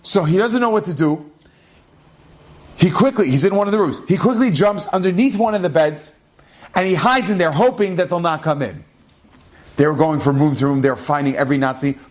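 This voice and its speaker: A man, a rabbi, telling a dramatic story in an animated, expressive way. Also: fairly high pitch, fairly quick. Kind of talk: storytelling talk.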